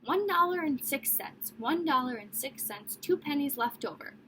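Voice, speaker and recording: A woman's voice: high-pitched, animated, normal speed, fairly bright tone, a little hiss or hum, pitched above the performer's own voice. A woman voicing a young girl who repeats figures insistently, as if reciting sums. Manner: repetitive, insistent counting.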